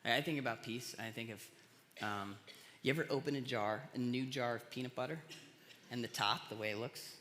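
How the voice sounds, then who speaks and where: A man's voice: mid-range voice, brisk, a bit bright, slight background noise. A man pastor giving a casual, conversational sermon, telling stories with self-deprecating jokes. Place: large church hall. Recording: long hall reverb.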